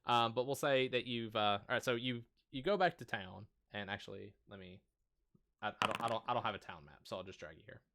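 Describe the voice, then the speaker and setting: Stammering game master, gravelly voice. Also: male voice, on the low side, fairly bright tone. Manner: halting, many restarts and fillers. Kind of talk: narrating a tabletop game. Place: home stream setup.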